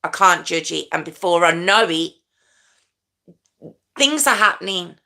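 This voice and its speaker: A woman's voice: fairly low pitch, lively intonation, unhurried, vocal fry, sharp tone. A middle-aged woman hosting a true crime livestream, chatting casually and stumbling over her words as she corrects herself. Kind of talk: rambling casual live chat.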